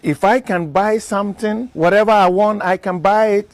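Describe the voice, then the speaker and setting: A man answers questions in a relaxed interview. He speaks earnestly and reflectively. His voice sits a little high, with a gravelly edge. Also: moderate pace, dry recording. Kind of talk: casual interview.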